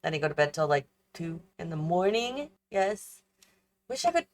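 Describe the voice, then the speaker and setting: A woman's voice: fairly low pitch, sing-song, normal speed. A tired, yawning woman chatting casually as she builds a house in a game, thinking aloud and questioning her own choices as she goes. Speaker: host of a gaming channel.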